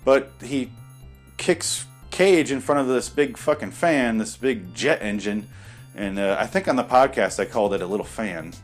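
A man's voice: medium pitch, lively intonation, moderate pace. Man riffing on a film, sarcastic and foul-mouthed, with faint music in the background. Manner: sarcastic, profane, rambling. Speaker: movie commentator. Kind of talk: casual movie commentary.

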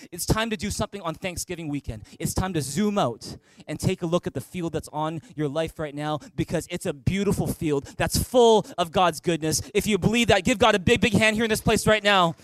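A man pastor delivers a sermon in a high, bright-sounding register, full of playful humor and storytelling energy. He stumbles happily over repeated words as he gets carried away. The sound is close and dry, with little room echo. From Canada. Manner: animated storytelling with playful humor and quick repetitions. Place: large church hall.

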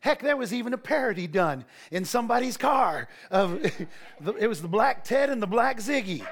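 High-voiced pastor preaching. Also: male voice, normal speed. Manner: animated preaching with asides and laughter. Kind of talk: sermon.

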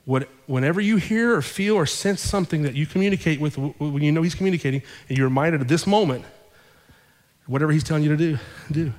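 A male pastor telling a story in a sermon, acting out both sides of the conversations with lively shifts in his voice. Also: a little high, fast talker. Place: church sanctuary. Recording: long hall reverb.

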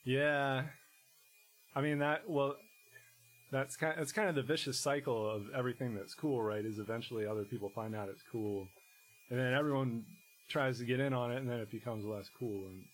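A man, a musician guest in casual conversation, talking in a rambling, halting way full of restarts and fillers. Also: mid-range voice, steady tone, a little hiss or hum, poor audio.

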